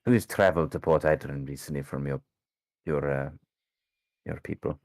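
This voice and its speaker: A man's voice: extremely low pitch, moderate pace, a little mellow, no echo. A man voicing a sly male investigator who presses with probing questions in a tabletop game. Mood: accusing.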